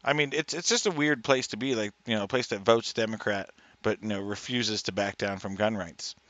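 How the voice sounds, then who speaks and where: A man from New Mexico co-hosting a podcast, chatting in a relaxed, matter-of-fact way. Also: on the low side, fairly quick. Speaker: podcast co-host. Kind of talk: casual chat. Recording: dull, dry lo-fi mic.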